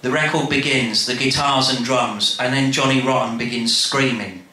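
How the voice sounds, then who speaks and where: Bright-voiced man reading aloud live. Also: mid-range voice, moderate pace. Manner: wry, animated reading with asides. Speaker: storyteller. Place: bar. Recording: echoey live room, faint background noise.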